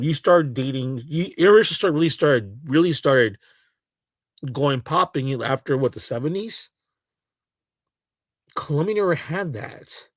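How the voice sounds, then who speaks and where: A man giving casual, halting reaction commentary on a clip, scoffing and repeating himself. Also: medium pitch, fairly bright tone, no room sound. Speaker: reaction streamer.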